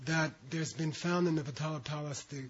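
A man lecturing a classroom, leading his students through a reading one syllable at a time and stopping to explain what the words mean. His voice sits a little high for a man. The recording is muffled and lo-fi. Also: brisk, slight background noise. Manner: patient, breaks words into syllables for students to repeat. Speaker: teacher. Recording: dull lo-fi recording.

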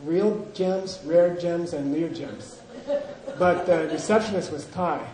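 A man's voice: on the high side, slow, warm tone. A man teaching a language class, drilling pronunciation and joking with his students. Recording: echoey room with class audience.

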